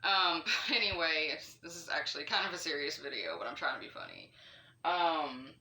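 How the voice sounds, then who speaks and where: A woman from North Carolina, telling a true scary story to camera in a chatty, animated way, with fillers and the odd swear. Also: deep voice, moderate pace, reverberant, a little hiss or hum. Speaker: vlogger.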